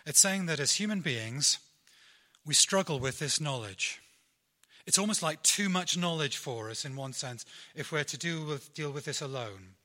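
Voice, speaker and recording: A man's voice: a little high, lively intonation, moderate pace, sharp tone. A middle-aged man preaching a sermon in a conversational, self-deprecating way, with asides to his congregation.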